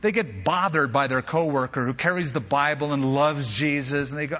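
A man preaching with a lively, bright voice that rises a little high, slightly husky at the edges. He tells stories with playful asides. The sound is dull and lo-fi, with a long hall reverb. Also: normal speed, few pauses. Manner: animated storyteller with humorous asides. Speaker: pastor. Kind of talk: sermon.

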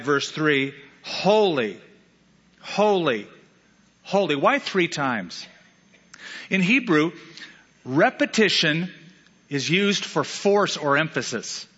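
A man preaching an animated sermon, stressing words through repetition. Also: on the high side, husky, long reverb tail, dull audio. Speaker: pastor.

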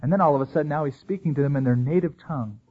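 A man preaching a sermon as pastor, lively and storytelling, acting out the people he quotes. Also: a little high, very fast, slightly rough. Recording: tinny phone-like sound.

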